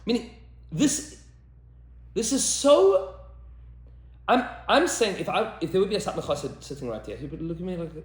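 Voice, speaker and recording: Emphatic rabbi, lively pitch. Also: male voice, normal speed, long pauses, echoey room. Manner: emphatic, repeats lines for effect, mixes in Hebrew terms. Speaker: rabbi and teacher. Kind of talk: animated podcast discussion.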